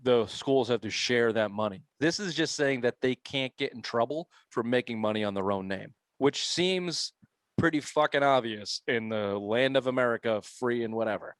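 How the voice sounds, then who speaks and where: A man's voice: medium pitch, normal speed, no room sound. A man hosting a sports podcast, ranting casually and profanely with incredulous outbursts. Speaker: podcast host.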